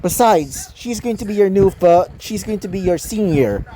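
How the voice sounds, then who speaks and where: A man's voice: sits high, animated, moderate pace, mellow, a little hiss or hum, voice pushed up, low-quality recording. A man voicing a pouty, bossy young goddess in a fan fiction reading. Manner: pouting, bossy.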